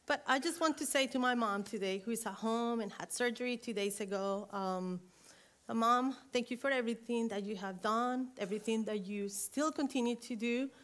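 A middle-aged woman, preaching a sermon in a church, warm and emotional, building to fervent exhortation. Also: on the high side, moderate pace. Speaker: guest preacher. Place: church sanctuary. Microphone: earring interfering with mic, handheld or headset.

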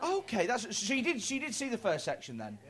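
A man in his thirties working the crowd on a comedy club stage. His voice sits high for a man and swings all over, and he talks in quick, sweary bursts full of stammered restarts. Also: wildly swooping pitch, fairly bright tone. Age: 30s. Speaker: stand-up comedian doing crowd work. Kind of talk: stand-up crowd work.

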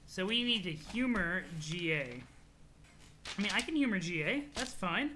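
Streamer reading a comic out loud, bright sharp voice, laughs a lot, chatty asides. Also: medium pitch, very animated, moderate pace, slight background noise. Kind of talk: reading a webcomic aloud on a live stream.

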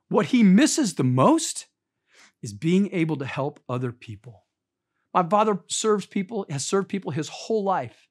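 A middle-aged man preaching as a pastor, his voice sitting a little high for a man. He is earnest, pushing key words out loudly, then dropping to a soft, hushed tone when he tells personal stories. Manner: earnest, swings from loud emphasis to soft, hushed storytelling. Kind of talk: sermon.

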